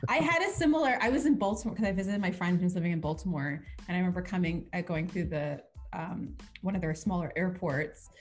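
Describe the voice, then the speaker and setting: Lively Canadian woman, low voice. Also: fast, hardly any pauses, music in the background. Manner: animated storyteller, laughs often. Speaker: podcast host. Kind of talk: casual chat.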